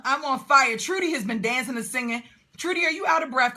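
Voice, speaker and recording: A woman's voice: high voice, pushed and bright, slight background noise. A woman hosting a live call for business owners, exuberant, cheering and whooping as she reads out comments. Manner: rapid-fire when listing questions.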